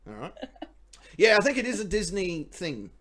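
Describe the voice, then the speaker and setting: A man's voice: high voice, big pitch swings, moderate pace, fairly bright tone. A man with an Australian accent hosting a live show, joking crudely and laughing often. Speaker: host. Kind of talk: casual comedic live-stream banter.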